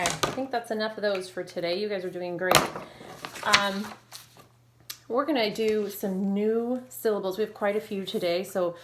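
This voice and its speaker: A woman teacher leading an online phonics lesson, modeling sounds clearly and slowly and praising her students. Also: medium pitch. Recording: echoey room with faint noise.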